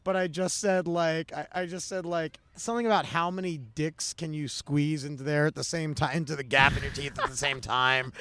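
A man, a comedian, telling stories in casual podcast chat, animated and acting out other people's voices. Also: normal speed, hardly any pauses, slight background noise. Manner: animated, acts out other people with big pitch jumps.

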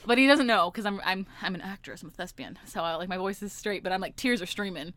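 A woman's voice: medium pitch, fast, no room sound. A young woman telling a story in casual podcast chat, acting out the people in it and laughing often. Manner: animated storytelling, acts out callers, laughs often. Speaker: podcast co-host.

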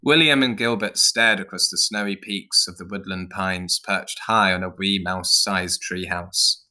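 Story narrator, man, low and bright, sharp edge, measured reading. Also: fairly even intonation.

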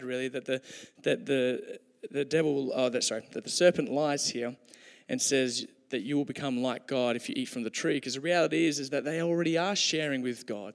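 A man delivers a sermon in a relaxed, conversational way, dropping in jokes for his listeners. His voice has a gravelly edge. It rings with the long reverb of a church hall. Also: mid-range voice. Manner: conversational, joking asides. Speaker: preacher.

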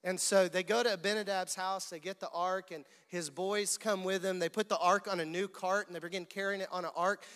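Male pastor, high voice, animated storytelling preacher, long hall reverb. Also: a little fast, hardly any pauses. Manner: animated storytelling, calls on the audience to repeat words. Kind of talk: sermon.

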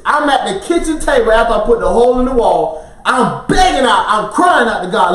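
A man's voice: extremely high pitch, big pitch swings, fairly quick, hardly any pauses, fairly bright tone. A man co-hosting a podcast, telling a personal story in casual chat, acting out quotes and laughing often. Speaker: podcast co-host. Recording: roomy sound, mic at a distance.

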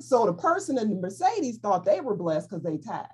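A woman leading an informal Bible study, animated and playful as she explains scripture. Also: mid-range voice, moderate pace, slight background noise. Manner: animated, playful, acts out voices in quotes. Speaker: Bible teacher.

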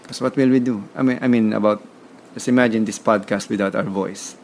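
A man from the Philippines talks fairly quickly as a podcast guest, his lowish voice carrying a Filipino accent and fairly even intonation over a faint hiss or hum. He's emphatic and motivating in the interview, often repeating words.

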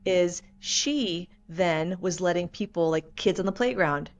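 A woman guest on a podcast, telling a personal story in an earnest, measured and reflective way. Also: on the low side.

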